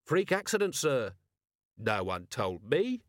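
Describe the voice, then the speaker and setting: A man's voice: medium pitch, big pitch swings, takes it slowly, no room sound, studio quality. A man reading an audiobook, voicing an earnest, dutiful young male watch captain who speaks politely and eagerly.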